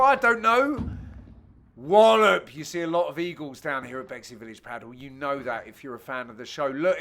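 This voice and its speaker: A man hosting and giving jokey, self-mocking commentary over amateur match highlights, with sudden loud exclamations. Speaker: host and commentator.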